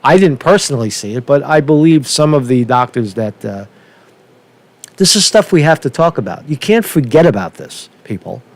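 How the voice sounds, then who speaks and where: A man ranting unscripted on a political commentary vlog, profane and rambling, with halting restarts, repeated words, and a constant "right?" tag. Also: mid-range voice, animated. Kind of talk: unscripted rant.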